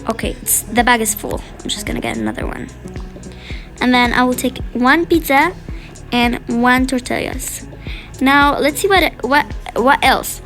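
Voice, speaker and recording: A woman's voice: high-pitched, measured pace, a bit bright, voice pushed down. A woman voicing a busy mother of twins in a toy game role-play, fussy and soothing. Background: background music.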